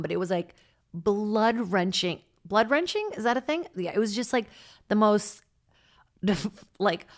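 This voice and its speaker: A woman comedian from Brazil, podcast host, chatting in a rambling comedic monologue into a studio mic, swearing and jumping between topics. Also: mid-range voice. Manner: chatty, swearing, jumps between topics with sudden loud squawks. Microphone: studio mic on a stand.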